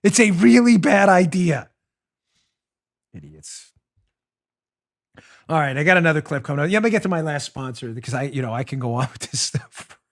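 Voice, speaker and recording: A middle-aged man hosting a political talk show, sarcastic and mocking, often breaking into loud theatrical ranting. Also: on the high side, animated, quick pace. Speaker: host.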